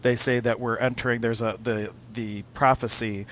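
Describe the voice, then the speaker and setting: A man hosting a casual talk show, friendly and relaxed, sharing anecdotes. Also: mid-range voice, normal speed, a little hiss or hum. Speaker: podcast host. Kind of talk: casual chat.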